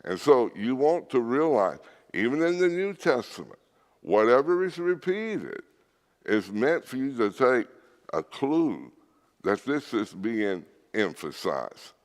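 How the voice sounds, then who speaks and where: A man delivers a sermon with a lively, rising and falling pitch. He speaks slowly and deliberately, stressing his points. His voice rings with the long reverb of a church hall. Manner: earnest, emphatic teaching with scripture readings. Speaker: preacher.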